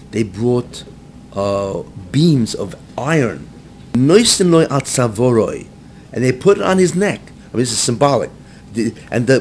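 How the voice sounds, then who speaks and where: A man, a rabbi, teaching a class to a live group. He mixes Hebrew phrases into his English, keeps checking in with "right?", and rises to near-shouting when he acts out the text. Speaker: rabbi giving a Torah class. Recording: faint low rumble behind.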